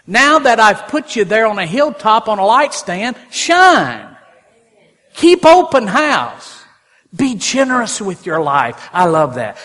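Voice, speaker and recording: A high-pitched man preaches a lively sermon, swinging between soft asides and loud, animated exclamations. His voice rings with the long reverb of a church hall. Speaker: pastor. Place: church sanctuary.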